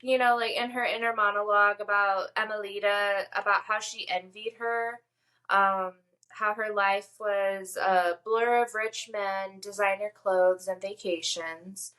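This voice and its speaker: A woman's voice: mid-range voice, fairly even intonation, unhurried, sharp tone. A woman co-hosting a podcast, recapping a TV episode in casual, enthusiastic chat with many filler words. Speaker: podcast co-host.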